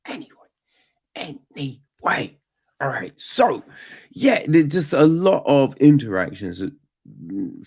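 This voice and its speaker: Male podcast reviewer, unhurried and expressive, rambling rants full of profanity. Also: medium pitch, gravelly, husky. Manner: animated, profane, rambling, with sudden loud outbursts. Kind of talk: casual film review monologue.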